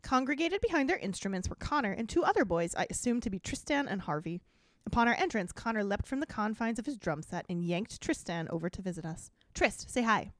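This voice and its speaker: A woman's voice: mid-range voice, sing-song, fast talker, dry recording, clean studio sound. A woman podcast host reading a story aloud with a playful, theatrical, giggly delivery. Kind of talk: dramatic reading with jokey commentary.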